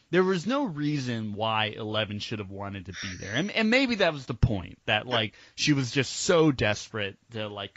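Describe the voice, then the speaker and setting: A man's voice: lowish voice, sharp tone, no room sound. A man co-hosting a casual podcast review, ranting with lots of fillers and swearing. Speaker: podcast co-host. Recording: dull lo-fi sound.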